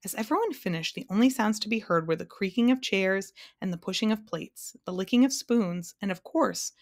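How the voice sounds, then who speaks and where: A woman, a teacher, reading a children's novel aloud in a clear, steady storytelling voice. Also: medium pitch, brisk. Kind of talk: storybook read-aloud narration.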